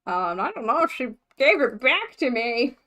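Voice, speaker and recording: A young American woman, a mermaid vlogger, chats casually on a livestream with her chat, scattered and thinking aloud while laughing often. Her voice is high with big pitch swings, fairly bright, at normal speed, though the audio sounds dull.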